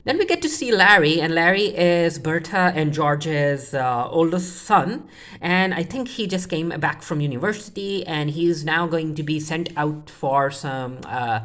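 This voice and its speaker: A woman's voice: low-pitched, animated, unhurried, a bit bright. A woman casually recapping a TV episode as a reviewer, rambling with frequent restarts and offhand asides. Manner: rambling, full of restarts and quoting characters offhandedly. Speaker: TV show reviewer.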